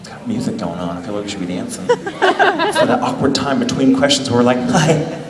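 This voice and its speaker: A man's voice: mid-range voice, wildly swooping pitch, over music. A man answering fan questions at a convention panel, playful and theatrical, joking with the crowd. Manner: playful, theatrical, quick jokes. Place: convention hall with audience. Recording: echoey hall with crowd noise.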